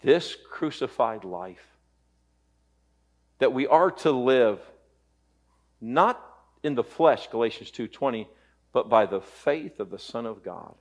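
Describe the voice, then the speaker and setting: A male pastor delivering a Sunday sermon, an impassioned preacher who swings between loud peaks and hushed, low passages. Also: lively intonation, takes it slowly, long pauses.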